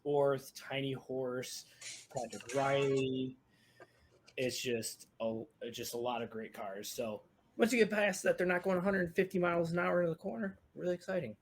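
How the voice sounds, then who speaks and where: A man hosting a casual racing podcast, excitable, laughing often and stumbling over his words. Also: mid-range voice, moderate pace, a little hiss or hum. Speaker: podcast host.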